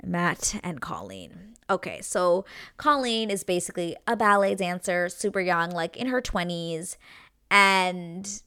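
A young woman recapping a reality dating show in casual chat, gossipy and animated, full of "like" fillers and casual swearing. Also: on the low side, unhurried, clear, resonant tone.

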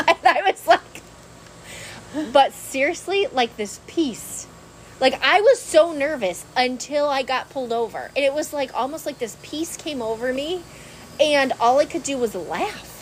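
Brief: woman co-host, New lilt, rambling animated storyteller, faint hiss behind. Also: sits high, moderate pace, poor audio. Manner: animated, laughs often, rambling with restarts. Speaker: podcast co-host. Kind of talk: casual storytelling chat.

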